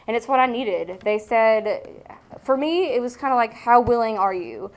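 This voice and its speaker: A woman's voice: fairly high pitch, lively intonation, moderate pace. Young woman, candid testimony, blunt and frank, casual swearing, lots of "um". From American South. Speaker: speaker sharing recovery story.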